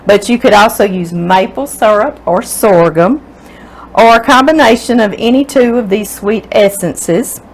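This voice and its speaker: A woman's voice: medium pitch, a little slow, low-quality recording. A middle-aged woman from Louisiana with a Louisiana accent, hosting a home cooking show in a rambling, chatty way and talking straight to her viewers. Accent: Southern US, Louisiana. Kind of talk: casual home cooking demonstration. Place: home kitchen.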